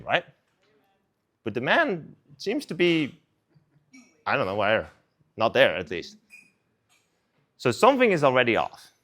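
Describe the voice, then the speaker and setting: Animated young man preaching casually. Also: medium pitch. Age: young adult. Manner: animated, conversational, lots of "like". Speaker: preacher at a student service. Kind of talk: casual storytelling sermon.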